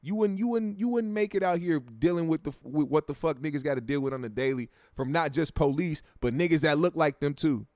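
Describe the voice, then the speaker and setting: A man's voice: on the high side, a little fast, few pauses, a little mellow, dry recording, studio quality. A man from the United States hosting a livestream, reading out viewer comments in a brash, profane, blunt way. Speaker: show host.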